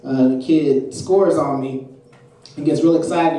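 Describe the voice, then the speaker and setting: A man's voice: fairly high pitch, moderate pace, dark tone, far from the mic. A man doing stand-up comedy, telling self-mocking stories in a loose way with plenty of fillers, live on stage. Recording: roomy live club, mic from afar. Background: audience laughter.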